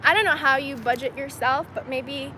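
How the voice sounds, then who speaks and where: Young woman streamer, slightly high voice, rambling chat outdoors with street noise. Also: normal speed, sharp tone, rough recording. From China. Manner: chatty and rambling, many "like"s. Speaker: streamer answering chat questions. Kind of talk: casual livestream chat.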